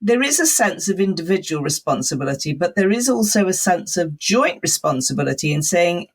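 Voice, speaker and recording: A woman's voice: on the low side, very animated, fairly quick, husky. A woman being interviewed as an expert guest on a podcast, explaining things in a thoughtful, conversational way with frequent laughs.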